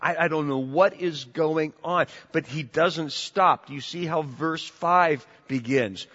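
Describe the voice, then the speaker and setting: Male pastor, sermon delivery, higher voice, animated and emphatic, dull sound with long church echo. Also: measured pace, hardly any pauses. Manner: animated, repeats words, rises to emphatic peaks.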